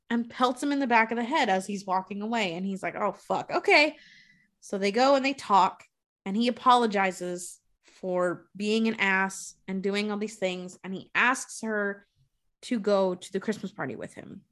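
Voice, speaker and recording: Woman, casual recap, swears a lot, animated quoting of characters. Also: mid-range voice. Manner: profane, animated retelling with quoted voices.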